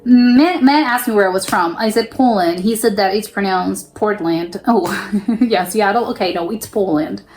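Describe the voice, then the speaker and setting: A woman's voice: medium pitch, normal speed, darkish tone. A young woman from the United States hosting a reaction video, reading comments aloud and reacting with laughs and disbelief. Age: young adult.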